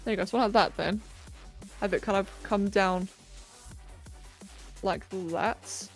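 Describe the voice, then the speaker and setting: A woman hosts a live sculpting stream in a relaxed, chatty way. She thinks aloud and pokes fun at herself, and her voice sits mid-range. Soft electronic music plays quietly underneath. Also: mid-range voice, slow pace. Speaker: livestream host. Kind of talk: casual chat while sculpting live. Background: faint electronic music.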